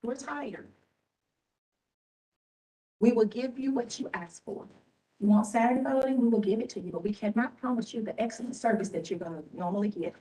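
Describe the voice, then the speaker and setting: A woman's voice: fairly high pitch, quick pace, mellow, far from the mic, poor audio. Emphatic, weary woman at a board meeting. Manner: emphatic, repetitive, scolding. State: tired and emotional. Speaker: elections official at a public board meeting. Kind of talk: impassioned public remarks. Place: government meeting room.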